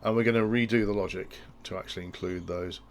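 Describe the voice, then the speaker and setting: Male tutor, deep gravelly voice, restarts sentences as he thinks aloud, faint background noise. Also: steady tone, quick pace. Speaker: instructor explaining industrial control. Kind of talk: technical tutorial walkthrough.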